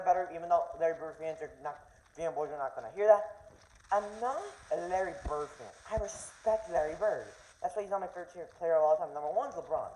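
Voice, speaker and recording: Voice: mid-range voice, a little mellow. A young vlogger ranting casually, rambling and stumbling over words as the argument heats up. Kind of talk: casual rant. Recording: roomy echo, faint noise.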